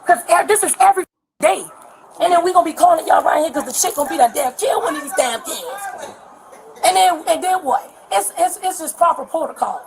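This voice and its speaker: Heated woman with a gravelly, high voice. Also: crowd noise. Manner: heated, cursing, rapid storytelling. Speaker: woman being questioned by police. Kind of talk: agitated account to an officer. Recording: bodycam audio.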